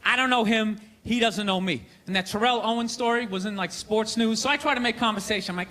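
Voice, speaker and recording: A male stand-up comedian performing a sarcastic, ranting set on a theater stage, often breaking into shouts. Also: high-pitched, fast, few pauses. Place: theater stage before a live audience. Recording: live theater recording with audience laughter and noise.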